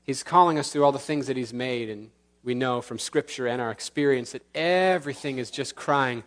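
Earnest man preaching a sermon. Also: medium pitch. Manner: earnest preaching with slow emphatic pauses, closing in prayer. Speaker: pastor. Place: church sanctuary.

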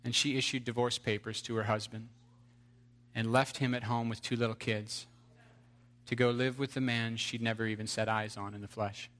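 A man's voice: mid-range voice, flat delivery, normal speed, fairly bright tone. A man preaching an earnest sermon, telling a story to his congregation.

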